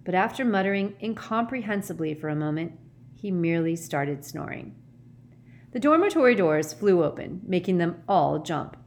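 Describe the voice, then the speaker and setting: A woman narrating an audiobook in a clear, expressive reading voice. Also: lowish voice, moderate pace.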